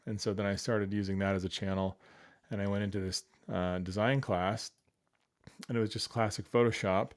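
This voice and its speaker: A man in his forties with a fairly low voice tells stories in a relaxed interview. He acts out quoted lines, jumping up in pitch and loudness, then drops back to an easy conversational tone. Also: normal speed, clean tone. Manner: animated, acts out quoted voices with sudden jumps in pitch and volume. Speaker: guest. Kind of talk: casual interview storytelling.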